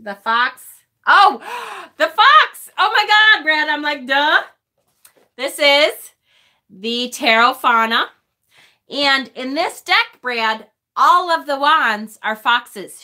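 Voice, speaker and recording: A woman hosting a casual tarot live stream, gushing and excitable as she reads viewer chat aloud. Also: on the high side.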